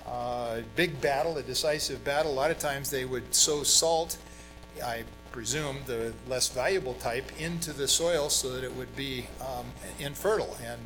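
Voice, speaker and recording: A middle-aged pastor who grew up in Brazil preaches a sermon in a conversational way, using fillers and emphatic stresses. His voice is medium in pitch, and the recording is rough.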